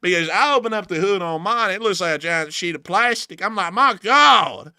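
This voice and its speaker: A hollering, folksy Southern redneck mechanic, as a man puts him on with a broad, exaggerated drawl. The voice sits high and bright with a sharp edge, and it comes across clean and smooth. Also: animated, normal speed, no room sound, clean studio sound, full character voice. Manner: hollering, folksy, laughs at own jokes. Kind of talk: comic bit on a livestream show.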